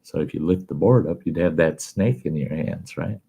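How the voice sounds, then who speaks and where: A man telling a folksy story in casual, animated style as a show host. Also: low voice, moderate pace, breathy edge. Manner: folksy, animated yarn-spinning.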